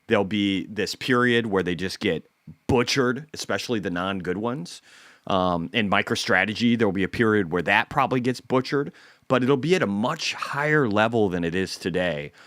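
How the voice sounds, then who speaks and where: A man's voice: on the low side, normal speed, a bit bright, dry recording, studio quality. Blunt, profane man hosting market commentary. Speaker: host.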